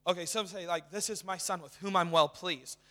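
A young man preaching a sermon in a church, talking casually and excitedly with lots of fillers. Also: sits high, fairly quick. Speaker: guest preacher. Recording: reverberant hall.

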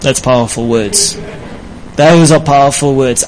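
A man's voice: medium pitch, normal speed, a little hiss or hum, rough recording. A man preaching about marriage in a light, playful way, often laughing with his audience. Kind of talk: sermon on marriage.

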